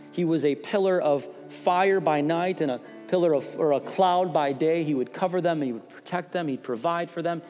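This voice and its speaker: A man's voice: a little high, darkish tone. A male pastor delivering an impassioned sermon with emphatic repetitions, in a church sanctuary. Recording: long hall reverb, faint music behind.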